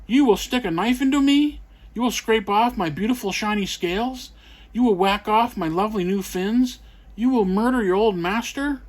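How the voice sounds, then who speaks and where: Guy doing a frantic talking fish, high voice, begging and wailing, storybook read-aloud. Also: normal speed, natural voice. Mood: desperate. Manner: pleading, panicky. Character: rich man turned talking carp, desperate.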